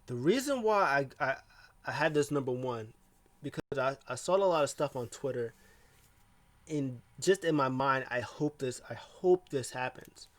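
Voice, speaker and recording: A man's voice: mid-range voice, lively intonation, normal speed. Rambling man recapping wrestling. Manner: rambling, heavy with fillers and restarts. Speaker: wrestling show reviewer. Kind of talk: casual recap talk.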